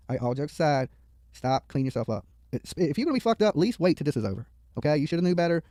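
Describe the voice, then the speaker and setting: A man's voice: on the high side, expressive, very fast, warm tone, no room sound. A man giving profane, mocking live commentary on a video from a studio, heckling the people on screen and rambling into stories.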